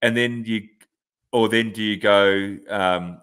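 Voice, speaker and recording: Male podcast co-host, low voice, blunt and sweary, makes his case with examples. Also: steady tone, slow, fairly bright tone, clear, resonant tone. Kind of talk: casual podcast chat.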